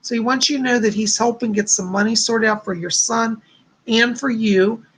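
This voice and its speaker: A man's voice: very high voice, fairly even intonation, moderate pace, a bit bright, slightly rough. A man hosting a live stream of psychic readings, chatty and effusive, reading out viewers' messages and showering them with thanks and blessings. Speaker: psychic host.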